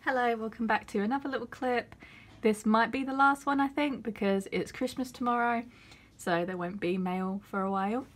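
Excitable woman vlogger, gushing. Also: on the high side, normal speed. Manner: excitable and gushing, with gasps and squeals. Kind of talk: casual unboxing vlog.

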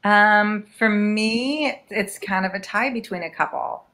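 A woman's voice: mid-range voice, unhurried, bright, forceful tone. A woman casting director on a video call, giving earnest and emphatic advice in an upbeat way. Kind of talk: video call interview answers.

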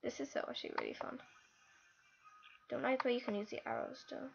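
A female host giving live gameplay commentary, excitable and easily frustrated, with lots of exclamations. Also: on the high side, fast, vocal fry, highs cut off, soft background music. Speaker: gaming channel host.

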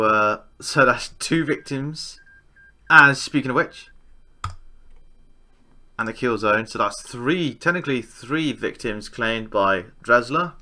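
A man commentating a strategy game he is playing, excitable and swearing, with outbursts of disbelief. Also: fairly low pitch. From England. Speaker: gaming YouTuber. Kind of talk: Let's Play commentary.

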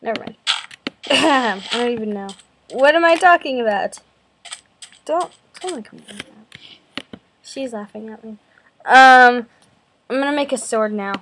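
A young gaming video host with a slight cold cough gives casual, self-deprecating, jumpy commentary over her gameplay from her bedroom. Her fairly high voice is a bit bright, with a measured pace and frequent pauses, and the poor audio carries slight background noise.

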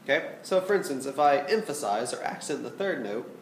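A man's voice: mid-range voice, expressive, brisk, reverberant, very noisy. A man teaching a flute lesson, explaining patiently and checking in with his students. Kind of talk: music lesson instruction.

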